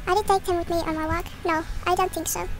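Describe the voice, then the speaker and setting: A woman reading a fretful village woman's game dialogue aloud in a squeaky put-on voice, with game music under her. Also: flat delivery, quick pace.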